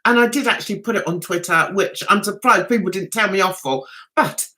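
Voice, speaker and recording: A woman's voice: mid-range voice, a little fast, sharp tone. A woman hosting a casual livestream, chatting to her viewers in a rambling, giggly way.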